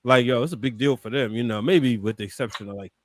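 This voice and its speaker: A man co-hosting a wrestling podcast rambles through his point in casual chat, sprinkling in plenty of "you know." He talks quickly at a medium pitch, with a little hiss or hum in the audio.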